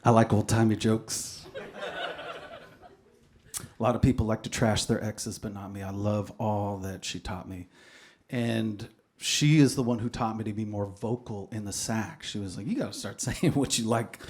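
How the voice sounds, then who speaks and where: A man's voice: on the low side, steady tone, measured pace, darkish tone. A man performing live stand-up comedy with a dry, offhand delivery and sudden bursts of energy.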